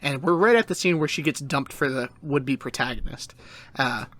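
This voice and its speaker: A man's voice: medium pitch, normal speed. A man hosting a casual podcast, retelling an anime episode with goofy put-on voices. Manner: animated retelling with silly voices. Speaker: podcast host.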